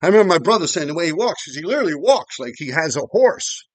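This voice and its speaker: A man's voice: fairly high pitch, sing-song, fast, dry recording. A man, telling neighborhood stories in a rambling, profane, casual way. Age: 50s. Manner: rambling and profane, with frequent restarts and asides. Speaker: vlogger storyteller. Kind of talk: casual storytelling.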